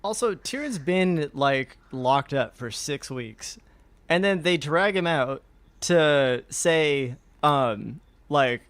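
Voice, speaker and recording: A man co-hosting a casual podcast chat, rambling and animated, acting out characters in quick asides. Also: fairly high pitch, no echo. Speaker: podcast co-host.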